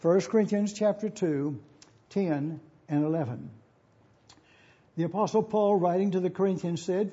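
A man preaching a sermon, teaching in a measured, formal pulpit manner and reading scripture aloud. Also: high voice, mellow, slightly rough, muffled recording.

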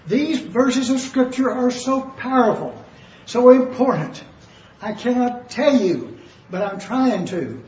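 Preacher, male, high-pitched, emphatic and repetitive, roomy lo-fi church recording. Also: animated, slow, a little mellow. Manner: emphatic, exclaiming and repeating phrases. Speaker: pastor. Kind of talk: sermon. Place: church sanctuary. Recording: echoey, dull lo-fi room recording.

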